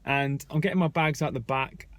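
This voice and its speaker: A man's voice: medium pitch, moderate pace, fairly bright tone. A young man in a frank, conversational rant, telling a story to his viewers. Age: young adult. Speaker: vlogger. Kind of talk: casual spoken rant. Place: airport terminal.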